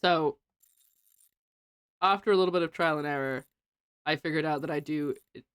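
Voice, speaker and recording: A woman's voice: deep voice, normal speed, clean tone, dry recording, studio quality. A woman chatting casually and giggling as she plays a game on stream. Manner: chatty, giggly, self-mocking. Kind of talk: casual gameplay chat.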